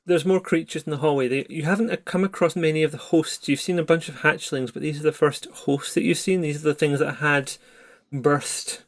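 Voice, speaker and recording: A man running a horror tabletop game as game master, describing scenes in measured narration. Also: on the high side, steady tone.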